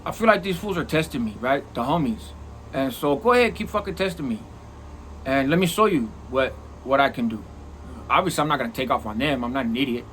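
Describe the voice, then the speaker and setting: A middle-aged man telling a prison story in a casual, profane, animated way. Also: medium pitch, brisk, slight background noise. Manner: animated, profane, acts out quoted lines.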